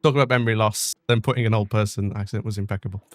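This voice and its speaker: A man's voice: fairly low pitch, fairly even intonation, racing, no room sound. A young man chats over his game stream, easy-going and a little self-mocking, trailing off into fillers now and then. His voice sits close and dry on the desk mic, with no room sound around it. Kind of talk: casual chat over gameplay.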